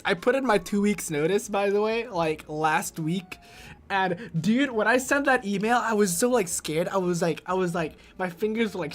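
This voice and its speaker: A young man in his twenties chatting casually on a stream and reading chat aloud. He is excitable and swings from low mutters into loud shrieks. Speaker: VTuber streamer.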